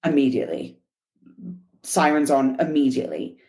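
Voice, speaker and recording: A woman guest on a podcast, telling a personal story in an animated, chatty way with laughs and fillers. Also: a bass voice, normal speed. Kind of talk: casual storytelling interview.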